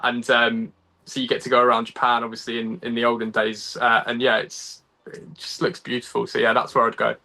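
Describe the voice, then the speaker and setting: Bright-voiced chatty young Englishman. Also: medium pitch, completely flat delivery, fairly quick, creaky. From England. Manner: chatty and self-deprecating, laughs often, lots of ums and restarts. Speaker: guest. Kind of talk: casual interview chat. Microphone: video call.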